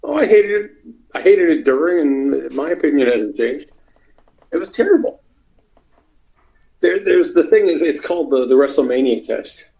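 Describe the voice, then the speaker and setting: A middle-aged man from Canada telling stories from his wrestling career in a casual, animated way, acting out what people said. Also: normal speed, gravelly, pauses often, poor audio. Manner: animated, acts out quotes in loud high voices. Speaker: interview guest, former wrestler. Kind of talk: casual storytelling.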